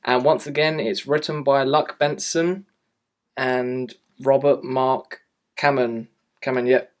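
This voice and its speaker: A man rants through a casual online film review at a mid-range pitch. He sounds blunt and exasperated as he complains and piles on criticism. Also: steady tone, slow.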